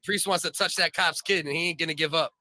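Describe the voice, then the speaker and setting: A man's voice: a little high, fairly even intonation, quick pace, bright, forceful tone. A man co-hosting a comedy talk show, trading crude, profane banter and laughing often. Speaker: podcast co-host.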